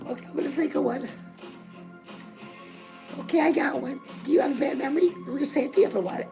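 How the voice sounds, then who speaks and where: A middle-aged woman with a high voice and a gravelly edge hosts a comedic fitness show. She talks in a gushing, chatty stream and keeps calling her viewers girl. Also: fast talker, pauses often, warm tone, faint music behind, rough recording. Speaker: fitness and lifestyle show host. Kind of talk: comedic character monologue.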